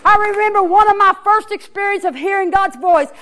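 A woman preaching a Pentecostal sermon in church, swinging from hollering to a hushed near-whisper. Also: extremely high pitch, brisk, a loud crowd. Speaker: pastor. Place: church sanctuary.

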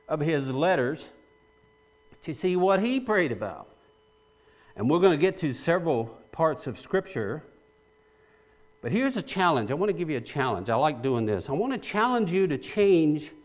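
A male pastor preaching a sermon to his congregation, asking them questions and repeating phrases for emphasis, often restarting mid-sentence. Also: fairly high pitch.

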